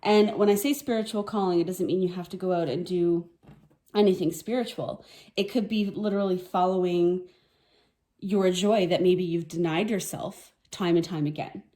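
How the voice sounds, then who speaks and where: Woman tarot reader, mellow dark voice, emotional and sniffly, casual reflective delivery. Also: lowish voice, steady tone, moderate pace. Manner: soft-spoken, emotional, reflective, with sniffles and laughs. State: teary, sniffling. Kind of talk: casual tarot reading to camera.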